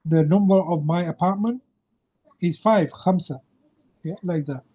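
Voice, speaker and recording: A man's voice: high voice, normal speed, slightly rough. A man teaching an Arabic grammar lesson over a video call, patiently quizzing his student. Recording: muffled video-call audio.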